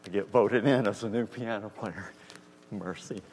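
A man's voice: on the low side, moderate pace, darkish tone, breathy edge. A man preaching a storytelling sermon in a conversational way, acting out dialogue and asking the congregation if they hear him. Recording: reverberant hall with faint hum.

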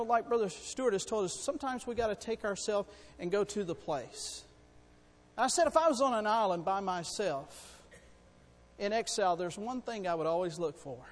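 A man preaching a sermon in a church, excitable and swinging between soft asides and loud exclaiming. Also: high-pitched, long reverb tail. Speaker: pastor. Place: church sanctuary.

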